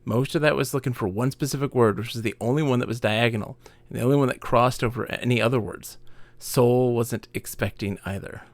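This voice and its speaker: A man's voice: mid-range voice, steady tone, a little fast, no room sound. A man live-streaming a game, chatting casually and muttering to himself in mild exasperation. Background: game music.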